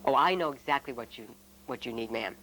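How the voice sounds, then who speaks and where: A man's voice: medium pitch, fairly quick, pushed and bright, a little hiss or hum, lightly acted, low-quality recording. A man doing an eager salesman businessman. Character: eager, enthusiastic male businessman selling houses. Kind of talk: acted quote in a retreat talk.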